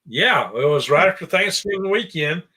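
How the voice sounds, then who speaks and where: A man's voice: on the high side, animated, moderate pace, bright, forceful tone, breathy edge. A man chatting casually on a podcast about his channels, rambling and correcting himself as he goes. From American. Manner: rambling, self-correcting, chuckling. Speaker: show guest and channel host.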